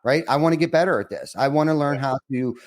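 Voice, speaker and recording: A man's voice: a little high, expressive, quick pace. Earnest, rambling middle-aged male host. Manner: rambling, earnest, many restarts. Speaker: podcast host. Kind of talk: reflective interview conversation.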